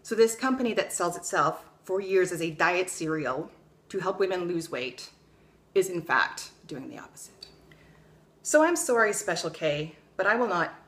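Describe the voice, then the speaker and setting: A woman's voice: mid-range voice, a bit bright. A young adult woman vlogging in a casual, blunt way, swearing freely and telling stories with energy. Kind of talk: casual opinion vlog.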